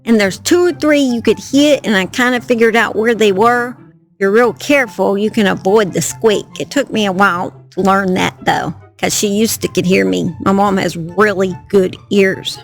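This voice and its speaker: A woman's voice: medium pitch, moderate pace, faint music behind. A woman with a Southern US accent telling a true crime story by a campfire outdoors at night, chatty and self-deprecating. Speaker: true crime channel host. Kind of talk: casual storytelling to camera.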